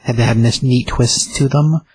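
A man chatting casually about a comic book, relaxed, agreeing and giving his score. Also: medium pitch, normal speed, breathy edge, dry recording. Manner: relaxed, brief agreeing replies. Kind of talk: casual chat.

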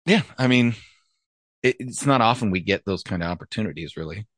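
A man's voice: fairly low pitch, lively intonation, brisk, fairly bright tone, dry recording. A man, a former police officer, telling a story from his career in a blunt, profane, casual way. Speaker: retired police officer, podcast host.

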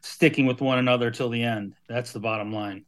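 A man in his fifties speaks as a podcast guest and hammers his points home by repeating key phrases. His voice sits at a middle pitch, and his talk is firm and earnest. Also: fairly even intonation, a little fast. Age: 50s. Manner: emphatic, repeats phrases for force. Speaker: guest, hardcore band member. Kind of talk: casual podcast chat.

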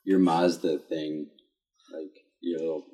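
A man with a very low voice in casual chat, tossing in quick jokes and asides. He talks loosely among friends. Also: level tone, warm tone.

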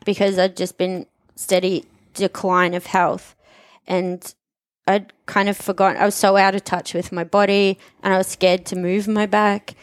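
A woman talks openly in a relaxed conversation, recounting her own story with feeling and candor. Her voice sits at an ordinary middle pitch. The sound is close and dry, with no room around it. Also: normal speed, dry recording. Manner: candid, emotional, storytelling. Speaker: gym member telling her recovery story. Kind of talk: casual podcast conversation.

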